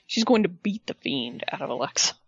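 A woman co-hosting a casual wrestling recap, telling the events with animated sarcasm. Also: on the low side, a little fast, slightly rough, dry recording, dull audio. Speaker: co-host.

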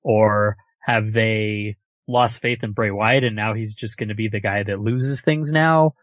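A man speaks in a measured, hedging way as part of a casual chat panel. The recording is dry and dull, with a lo-fi sound. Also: fairly low pitch, steady tone, no echo. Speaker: podcast panelist. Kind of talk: casual wrestling prediction chat. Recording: dull lo-fi audio.

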